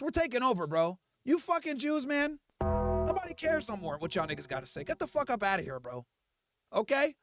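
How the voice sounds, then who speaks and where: High-pitched, animated ranting man. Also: no echo, studio quality. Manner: profane, heated, mocking. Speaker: livestream host. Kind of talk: livestream rant.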